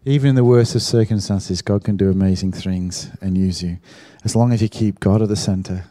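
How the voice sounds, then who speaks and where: A man's voice: fairly low pitch, fairly even intonation, fairly quick, dark tone, no echo, studio quality. A man leading a church service as pastor, encouraging the congregation. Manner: encouraging, exhorting. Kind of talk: sermon.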